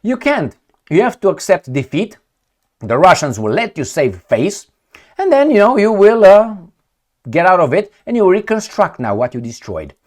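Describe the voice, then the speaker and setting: A man's voice: sits high, sing-song, normal speed. A man giving casual, blunt and sarcastic political commentary, reading headlines and mocking them.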